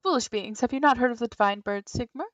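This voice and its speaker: A woman's voice: fairly high pitch, fast talker, a bit bright, dry recording, lightly acted. A woman voicing a proud, grandiose female spirit guardian in a video game, speaking in a pompous, theatrical formal manner.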